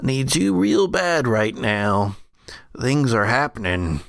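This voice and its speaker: A man voicing a grim, dying old man in a wheelchair who talks slow and folksy, with coughs. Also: medium pitch, sing-song, creaky, fairly bright tone, dry recording, clean studio sound, exaggerated voice.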